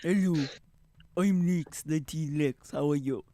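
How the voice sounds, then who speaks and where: A man's voice: on the high side, takes it slowly, mellow, a little hiss or hum. A man voicing Rex, a cheerful male T-Rex who loves to curse and keeps repeating his catchphrases, in a playful played-back clip. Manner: repeats catchphrases, friendly and chatty.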